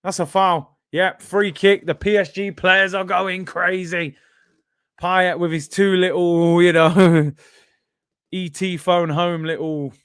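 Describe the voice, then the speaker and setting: Lively British man hosting a football watch-along. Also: sits high, takes it slowly, clean tone, no room sound, studio quality. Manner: excitable banter, laughing and reading out chat.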